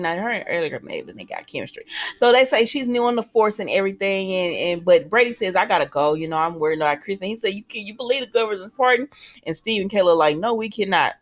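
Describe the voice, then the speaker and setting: A woman talks through a soap opera episode in a loose, conversational recap at a mid-range pitch. She drifts between narrating scenes and voicing the characters' lines, with plenty of fillers along the way. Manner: chatty retelling that slips into quoted dialogue, many fillers. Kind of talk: casual spoken episode recap.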